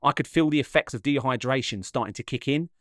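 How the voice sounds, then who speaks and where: A man tells the story of his run in a calm, mid-pitched voice-over. The recording is close and dry with no room sound. His delivery is measured, with a slight dramatic lift. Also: no echo. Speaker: vlogger narrating his own run. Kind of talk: reflective voice-over narration.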